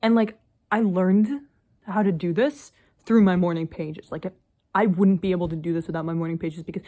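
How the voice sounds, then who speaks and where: A woman's voice: on the low side, moderate pace, dark tone. A young woman vlogging casually, rambling with lots of "like" and the odd swear word. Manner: rambling, filler-heavy, frequent "like" and swearing. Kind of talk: casual personal vlog.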